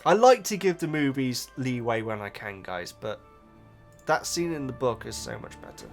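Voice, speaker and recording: A man's voice: medium pitch, sing-song, moderate pace, vocal fry, faint music behind. A man chatting casually as a YouTuber answering viewer comments, often stumbling and correcting himself. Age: adult. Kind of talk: casual reaction chat.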